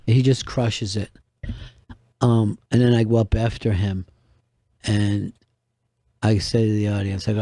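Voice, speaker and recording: This is a radio host and stand-up comedian drawing out wry, rambling stories in a casual tone. He speaks with a fairly low pitch and a dark timbre. The recording is clean studio audio with no room sound.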